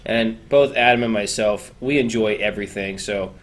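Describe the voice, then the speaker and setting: A man with a lowish, grounded voice talks through his gaming opinions on a casual podcast. He rambles easily, filling pauses with "uh" and starting his sentences over. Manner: relaxed, rambling, lots of "uh" and repeats. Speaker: podcast co-host.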